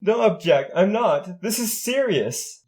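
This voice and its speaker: A man's voice: high voice, expressive, measured pace, a little mellow, pitched above the performer's own voice. A man voicing a terrified little filly pony, sobbing and stammering. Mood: insistent.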